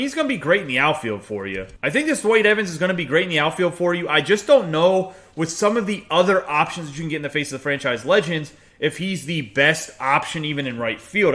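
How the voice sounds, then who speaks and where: A man's voice: on the high side, fairly bright tone. A man from the United States who grew up in Pittsburgh, giving a chatty, opinionated review of video game player cards and reading off long lists of stats. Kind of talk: casual game card review.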